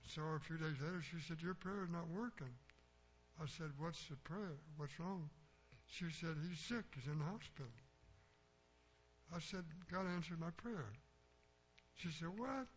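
Blunt older man preaching a folksy sermon. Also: fairly high pitch. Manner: plainspoken, blunt, anecdotal. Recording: dull lo-fi recording with faint hum.

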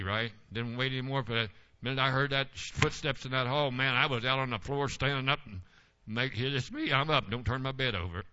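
Older male pastor, homespun sermon stories, tense bright voice, dull lo-fi recording. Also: mid-range voice, smooth. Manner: folksy storytelling, rising to forceful exhortation.

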